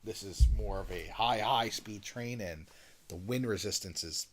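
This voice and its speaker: A man co-hosting a podcast, retelling a movie scene in a loose, animated way and acting out the characters' lines. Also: fairly low pitch, measured pace. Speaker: podcast co-host. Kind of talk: casual movie recap chat.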